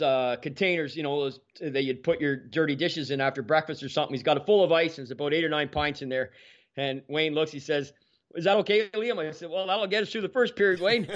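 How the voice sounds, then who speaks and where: A man, a podcast guest telling stories in a lively way and acting out the dialogue. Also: on the high side. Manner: animated, acts out quoted dialogue. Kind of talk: casual storytelling. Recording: dull lo-fi sound.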